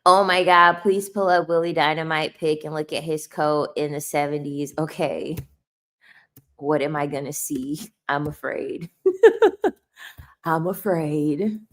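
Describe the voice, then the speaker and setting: A woman's voice: sits low, flat delivery, moderate pace, fairly bright tone. A woman streaming casual chat who answers her viewers, laughing often and tossing in slangy asides. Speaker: livestreamer reading chat.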